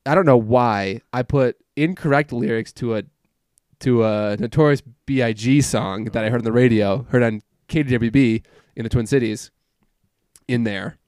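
A man's voice: mid-range voice, normal speed, a little mellow, dry recording. Young guy from minnesota rambling in a casual chat, lots of likes and ums, dry close mic. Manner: rambling, filler-heavy, self-interrupting. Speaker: podcast host. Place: home gaming room.

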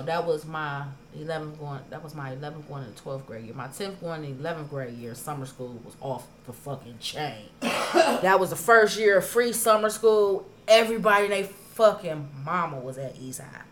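Profane, animated woman telling stories. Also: low voice, moderate pace, slight background noise. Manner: profane, animated, acts out quoted arguments. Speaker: podcast co-host. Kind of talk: casual storytelling chat.

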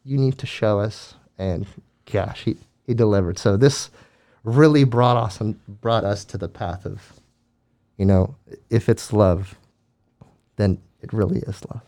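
A man's voice: on the low side, measured pace, vocal fry. A man earnestly telling a faith story in casual conversation, acting out the quotes. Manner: earnest, animated retelling with acted quotes. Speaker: guest telling a ministry story.

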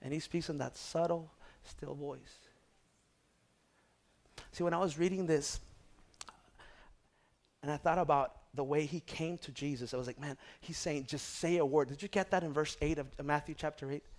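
A man preaching a sermon, moving from hushed prayerful tones to loud exhortation and calling out to his congregation. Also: a little high, moderate pace, long pauses. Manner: calls out to the congregation for response. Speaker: pastor.

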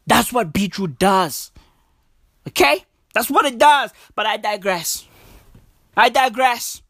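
A man doing a profane stand-up comedy rant, animated and drawn-out, jumping up into high squeaky voices. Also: no room sound, studio quality. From South Africa.

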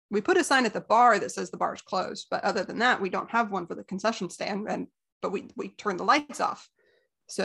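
A woman's voice: medium pitch, creaky, a bit bright. A woman co-hosting a podcast, casually telling exasperated, wry stories about her work at a movie theater. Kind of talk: casual storytelling chat.

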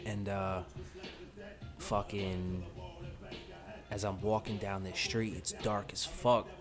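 Chill young guy with a low voice, lots of slang, music playing clearly behind. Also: flat delivery, takes it slowly. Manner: laid-back slang storytelling, profane. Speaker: podcast co-host. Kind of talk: casual storytelling chat.

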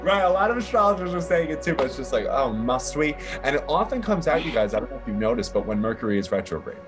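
A man, an astrologer guest, talking casually and profanely in quick animated bursts from a bedroom over a call. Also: medium pitch, music in the background. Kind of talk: casual podcast chat. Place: grandmother's house bedroom.

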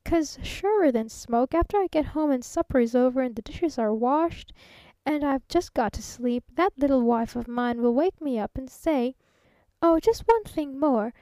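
A woman's voice: high-pitched, expressive, normal speed, warm tone, no room sound. A woman voicing a chatty, folksy, fat male traveling salesman near fifty, earnest and talkative.

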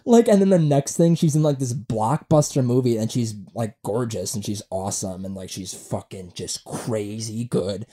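A man's voice: on the low side, normal speed, hardly any pauses, mellow. A young man in his twenties hosting a solo comedy podcast from home, rambling and ranting with lots of swearing. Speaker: podcast host. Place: room at home.

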